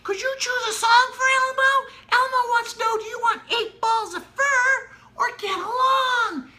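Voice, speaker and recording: A man voicing a squeaky, excitable little furry monster in a high falsetto for a child. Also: unhurried, full character voice. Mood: excited. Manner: very high falsetto, exclamatory, sing-song. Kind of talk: playful demonstration for a child.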